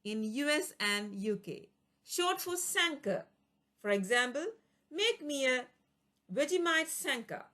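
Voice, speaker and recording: A woman teaching vocabulary in a bright, fairly high voice that rises and falls a lot. She works through word lists one by one, giving a short explanation and an example for each. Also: animated, slow pace. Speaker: English teacher. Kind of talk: reading a vocabulary lesson.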